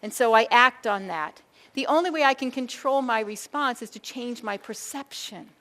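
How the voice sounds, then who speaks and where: A middle-aged woman speaking as a school behavior consultant, giving a lively keynote talk to an audience of educators and calling them folks. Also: a little high. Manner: animated, addresses audience as folks, acts out quoted thoughts.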